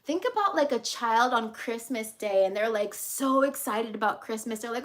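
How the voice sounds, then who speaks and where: A woman's voice: on the high side, animated, normal speed, few pauses. A woman coach giving a motivational vlog talk, emphatic and repetitive, casual and willing to swear. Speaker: life and business coach.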